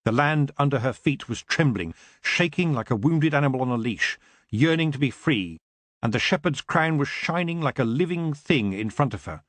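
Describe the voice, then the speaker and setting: A man narrating an audiobook in an expressive, dramatic reading. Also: medium pitch, moderate pace, dry recording.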